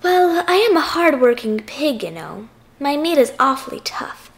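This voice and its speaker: Woman doing a clever little piglet, very high, bouncy, sly and polite, storybook. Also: big pitch swings, normal speed, gravelly, exaggerated voice. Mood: sly coaxing. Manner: coaxing, falsely meek suggestions.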